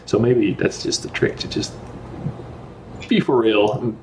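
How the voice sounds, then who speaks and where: Low-voiced relaxed man hosting a podcast. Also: a little slow, a little hiss or hum. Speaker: podcast host. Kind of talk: casual podcast chat.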